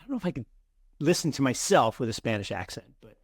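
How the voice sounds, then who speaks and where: A middle-aged man co-hosting an investing show, chatting in an animated way with many restarts and repeated words. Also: medium pitch, fast, slightly rough, no echo, studio quality. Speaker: co-host of a crypto investing show. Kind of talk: casual conversational commentary.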